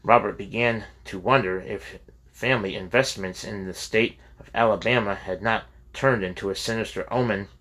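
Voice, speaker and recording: Male audiobook narrator, steady measured reading, slightly low pitch. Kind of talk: scripted narration.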